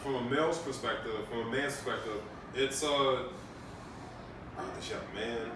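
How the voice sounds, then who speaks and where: A man's voice: mid-range voice, fairly even intonation, moderate pace. A man hosting a casual podcast interview, laid-back and hyping up his audience. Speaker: podcast host. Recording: echoey room, distant mic, noisy.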